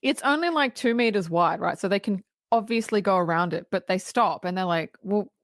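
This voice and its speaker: A woman's voice: mid-range voice, lively intonation, fairly quick, a bit bright, dry recording, studio quality. A woman co-hosting a podcast, retelling a film scene by scene in casual chat, swearing and laughing often. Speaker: podcast co-host.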